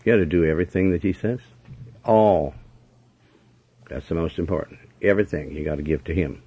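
Blunt, scolding male preacher. Very low, husky voice. Dull lo-fi sound. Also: rapid-fire. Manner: blunt, scolding, repetitive emphasis. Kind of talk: sermon commentary. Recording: dull lo-fi recording.

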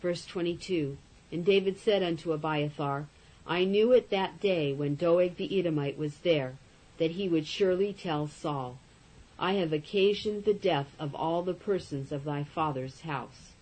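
A woman reading Bible verses aloud in a steady manner, calling out each verse number and even the punctuation marks. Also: fairly low pitch, unhurried, rough recording. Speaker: scripture reader.

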